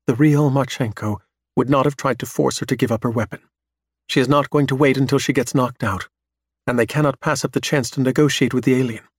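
Steady male audiobook narrator, dry sound. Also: mid-range voice, slightly rough, dry recording. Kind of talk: scripted narration.

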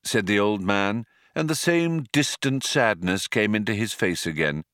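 A man reading a story aloud as narrator, with expressive storytelling. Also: on the low side, a little slow, no room sound, studio quality. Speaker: audiobook narrator. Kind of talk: scripted narration.

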